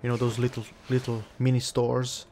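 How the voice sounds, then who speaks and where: A man's voice: mid-range voice, monotone, normal speed, warm tone, slight background noise. A man casually commenting on his own survival game as he plays, muttering to himself and talking to the game. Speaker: let's play gamer.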